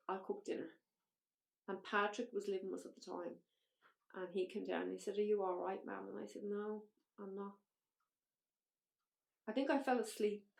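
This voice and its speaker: A woman's voice: medium pitch, vocal fry, darkish tone, roomy sound. An Irish woman, a podcast guest, recounting her own story bluntly and emotionally, with frank swearing. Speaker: interview guest. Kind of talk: personal storytelling in a podcast interview.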